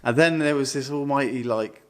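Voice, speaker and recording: A man's voice: mid-range voice, normal speed, clean tone. Rambling guy telling a story. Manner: rambling, swears freely, many fillers. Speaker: podcast co-host. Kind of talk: casual storytelling chat.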